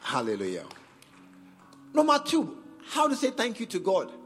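A man's voice: sits high, huge pitch swings, moderate pace, fairly bright tone, a little hiss or hum. A man with a Ghanaian accent preaching a sermon in church, emphatic and repetitive as he urges the congregation on. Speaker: pastor. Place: church service. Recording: church hall reverb with faint music.

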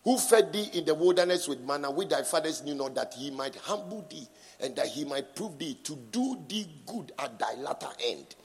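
Gravelly, husky preacher in a reverberant hall. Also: male voice, a little high, lively intonation, moderate pace, few pauses. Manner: emphatic, swings from soft asides to shouting; prompts the congregation for responses. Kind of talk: sermon with scripture reading. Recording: long reverb in a large hall.

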